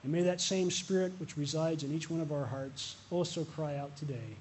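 A man's voice: fairly high pitch, moderate pace, a little mellow, a little hiss or hum. A male pastor preaching a sermon, earnest and repeating a refrain, with light asides to the congregation. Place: church.

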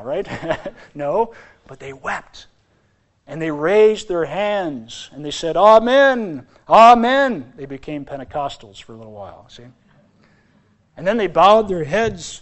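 Male pastor, sermon, church, animated, loud exclamations, soft asides, fairly high voice.

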